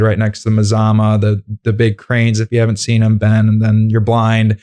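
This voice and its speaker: Low-voiced rambling male podcast host. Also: fairly even intonation, normal speed, a little mellow. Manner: rambling, many fillers. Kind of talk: casual interview.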